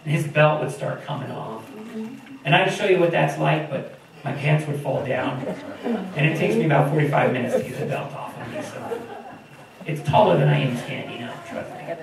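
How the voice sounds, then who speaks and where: Male pastor, lively joking sermon delivery, recorded from far off in an echoey hall. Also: a little high, normal speed, vocal fry, a crowd in the background. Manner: animated, joking storytelling. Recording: echoey room from far off with audience. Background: congregation.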